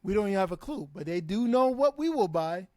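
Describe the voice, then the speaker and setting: A man co-hosting a casual podcast debate, mostly chiming in with quick agreement and blunt pushback. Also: high-pitched, lively intonation, darkish tone, no room sound, clean studio sound.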